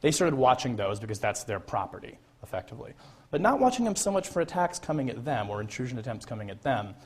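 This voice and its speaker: A man's voice: medium pitch, very animated, fast talker, slightly rough. Man telling a story in a lecture. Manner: conversational, frequent fillers and restarts.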